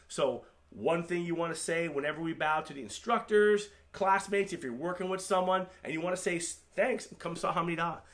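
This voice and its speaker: A man's voice: a little high, a bit bright. A middle-aged man teaching an online taekwondo class, encouraging and patient, and repeating terms for his students to say back. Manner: encouraging, coaching, repeats terms for learners to echo. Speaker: taekwondo instructor.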